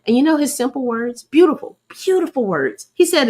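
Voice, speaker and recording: A woman's voice: high-pitched, expressive, normal speed, hardly any pauses, a little mellow. A middle-aged woman, sharing a faith-based personal testimony in an earnest, preacherly way and calling her listeners y'all. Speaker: host.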